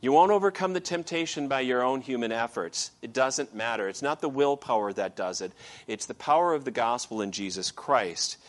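A male pastor preaches conversationally at normal speed, his mid-range voice carrying lively intonation. He leans on fillers and frequent "okay" check-ins with the congregation.

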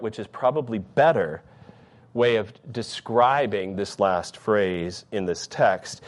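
Earnest man preaching a sermon. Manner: earnest preaching, swings between raised emphatic phrases and low quiet ones. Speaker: pastor.

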